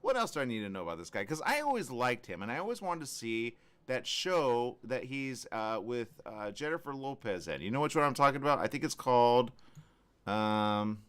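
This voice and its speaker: A man's voice: mid-range voice, very animated, normal speed, a bit bright, smooth. A man hosting a radio morning show, chatting casually and rambling with fillers and restarts. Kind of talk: casual on-air chat.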